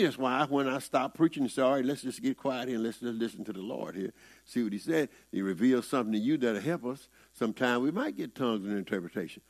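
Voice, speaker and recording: A man with a Southern US accent, preaching a conversational sermon in a folksy, rising-and-falling way. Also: mid-range voice.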